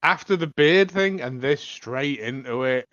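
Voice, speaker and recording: A man's voice: mid-range voice, expressive, a little slow, fairly bright tone, no room sound, muffled recording. A man in a casual review chat, thoughtful and wry as he weighs in.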